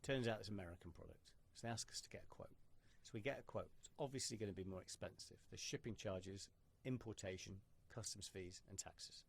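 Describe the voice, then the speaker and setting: A man hosting a podcast who tells stories in an animated way and swears freely in casual conversation. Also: lowish voice, brisk, creaky, few pauses, a little hiss or hum. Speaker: podcast host.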